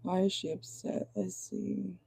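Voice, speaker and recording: A hoarse woman whose voice is going out, chatting casually as she reads viewer comments during a live tarot reading. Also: medium pitch, little pitch movement, measured pace, dark tone. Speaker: tarot reader. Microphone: phone or laptop in a car.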